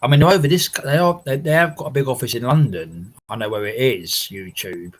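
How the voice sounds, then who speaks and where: A man's voice: medium pitch, fairly quick, low-quality recording. A man hosting a casual livestream from his house, chatting with viewers in a rambling way, laughing often and swearing now and then. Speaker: livestream host. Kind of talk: casual chat reading viewer comments.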